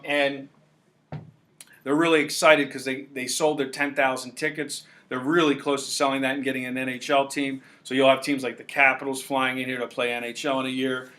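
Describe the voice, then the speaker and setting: A man's voice: mid-range voice, bright, forceful tone. A man hosting a sports betting talk show, brash and emphatic in a salesman-like way.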